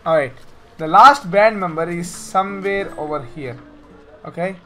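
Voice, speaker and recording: A man's voice: sits high, unhurried, pushed and bright, faint music behind. A man with an Indian accent giving playful, jokey commentary while playing a video game. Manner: playful, jokey self-talk. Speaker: gameplay streamer. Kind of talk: let's-play commentary.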